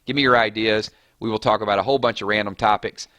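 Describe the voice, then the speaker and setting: Man, low voice, dry close sound, casual live stream host, rapid-fire shout-outs. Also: steady tone, dry recording. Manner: rapid-fire, chatty, reading names off chat.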